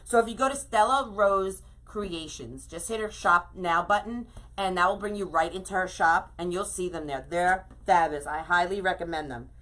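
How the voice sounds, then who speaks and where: A woman's voice: fairly low pitch, normal speed, few pauses, fairly bright tone. A middle-aged woman hosting a casual craft live stream, chatting effusively and greeting viewers by name as she works.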